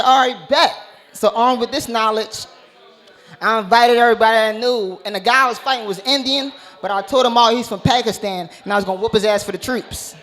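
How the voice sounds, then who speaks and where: Male stand-up comic, high voice, brash and profane, live club set. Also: a little fast, a bit bright. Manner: brash, profane, punchline-driven delivery. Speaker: stand-up comedian. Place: comedy club stage.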